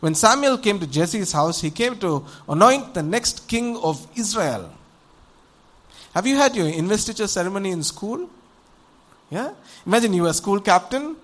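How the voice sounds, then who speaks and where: A male preacher with a high voice tells a Bible story in a lively, conversational sermon. His pitch rises and falls widely, and he keeps checking in with the audience through rhetorical questions. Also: normal speed. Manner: animated storytelling with acted voices.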